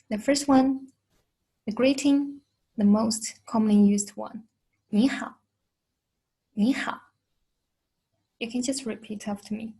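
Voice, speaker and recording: A woman's voice: on the high side, dark tone, breathy edge, rough recording. A woman with a Chinese accent teaching a beginner lesson, patiently repeating each sound twice. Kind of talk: slow, careful language lesson.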